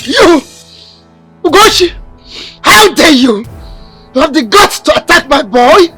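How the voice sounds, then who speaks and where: An actor with a Nigerian accent playing a furious older shrine priest who shouts commanding curses. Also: male voice, very high voice, very animated, slow pace, full character voice. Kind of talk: film acting. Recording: music in background.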